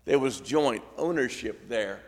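A man's voice: medium pitch, expressive, unhurried, in a large hall. A man preaching a sermon, with folksy, joking asides.

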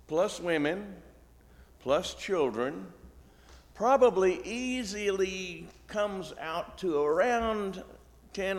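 A middle-aged man preaching a sermon, telling the story in a folksy way with acted asides. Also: a little high. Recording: long reverb in a large hall.

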